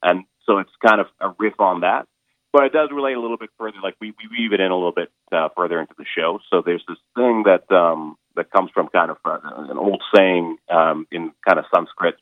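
A man with a very low voice talks over a narrow, tinny phone line, and the sound is dry and close. He speaks casually and haltingly, filling his pauses with ums and restarting his sentences as he explains his stage show. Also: no room sound. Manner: halting, lots of fillers and restarts. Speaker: stage performer interviewed as a guest.

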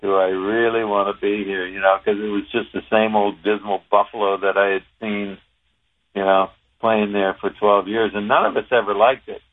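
A man, a former pro hockey player, telling a long anecdote in a relaxed, rambling way, with some salty language. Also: fairly low pitch, normal speed. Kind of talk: casual anecdotal storytelling. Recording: tinny phone-line sound.

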